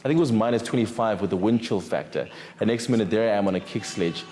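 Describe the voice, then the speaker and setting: A young South African man, a TV presenter, telling lively anecdotes about his interviews. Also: fairly low pitch, fast talker. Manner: lively storyteller, animated asides.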